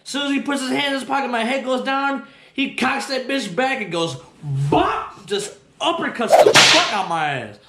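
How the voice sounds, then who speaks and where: High-voiced profane storyteller man, roomy echo. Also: a little fast, few pauses, a little hiss or hum. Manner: profane, slangy, animated, acts out voices. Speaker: host. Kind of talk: comedic personal storytelling.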